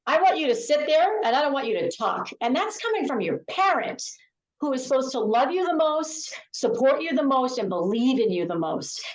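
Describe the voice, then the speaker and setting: Woman author guest, slightly high voice, emphatic and repetitive, echoey room. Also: very animated, moderate pace. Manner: emphatic, repeats key phrases. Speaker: author and confidence speaker. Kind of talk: podcast interview.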